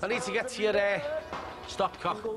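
Male actor as brisk workman at the door, loud and pushy, high-pitched, TV drama. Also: fairly even intonation, music in the background, lightly acted. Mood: insistent. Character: brisk male workman come to fix the pipes.

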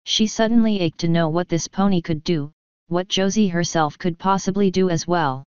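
Woman narrating a story, steady reading, lowish very clear voice, dry dull sound. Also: normal speed, dry recording. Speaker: fanfiction reader. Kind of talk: audiobook-style story narration.

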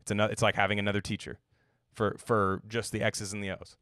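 A man's voice: fairly low pitch, level tone, quick pace, fairly bright tone, dry recording, studio quality. A young man hosting a sports podcast, rambling in a casual, sarcastic way and swearing now and then.

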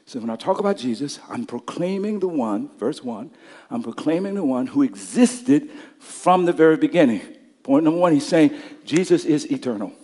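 A male pastor preaching a sermon, telling stories and building up to shouted climaxes. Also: fairly high pitch, animated, moderate pace, breathy edge, long reverb tail.

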